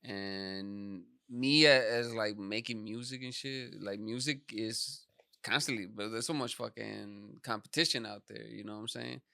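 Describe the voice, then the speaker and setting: A man's voice: fairly low pitch, unhurried, vocal fry, sharp tone, no echo, clean studio sound. A man hosting a casual podcast, talking in slangy, filler-heavy speech and swearing freely. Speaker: podcast host.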